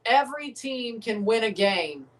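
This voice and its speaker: A man hosting a live watchalong of a football match, excitable and opinionated, often exclaiming and laughing at the action. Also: extremely high pitch, a little slow, distant mic. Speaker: livestream host reacting to a match.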